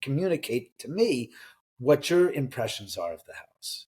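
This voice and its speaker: A middle-aged man, an author and homeowner, telling animated stories in an interview and acting out what people said. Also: medium pitch, normal speed, slightly rough. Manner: lively anecdotal storyteller, acts out dialogue.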